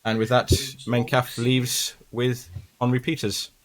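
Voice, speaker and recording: A man's voice: medium pitch, flat delivery, a little slow. A man running a tabletop horror game as game master, narrating casually with frequent ums.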